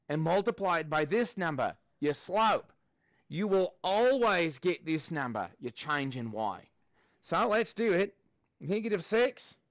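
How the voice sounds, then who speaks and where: A man teaching a math lesson in a classroom, his voice pitched high and recorded close and dry. He is playful and jokey as he works through problems, now and then throwing in mock Australian slang. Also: no echo.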